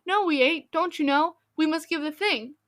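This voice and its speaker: A woman doing a loud eager little boy. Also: sits high, moderate pace, voice pushed up. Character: eager, cheeky young boy.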